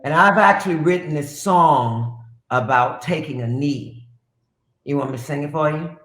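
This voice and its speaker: A woman guest telling stories in a casual interview, in a brassy, profane, animated way that slips into sung phrases. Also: low-pitched, normal speed. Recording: roomy echo with faint piano.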